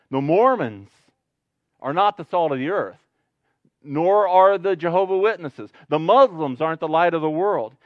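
A man's voice: mid-range voice, no room sound, highs cut off. A man preaching a sermon as pastor, talking conversationally and joking with the congregation, then growing emphatic. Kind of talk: sermon with jokes.

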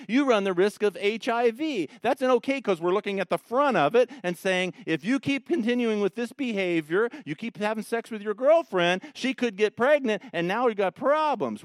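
A male pastor preaches with a high, light voice, pressing his points hard and swinging between hushed passages and loud rising ones. The sound is close and dry, with no room around it. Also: no echo. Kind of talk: sermon.

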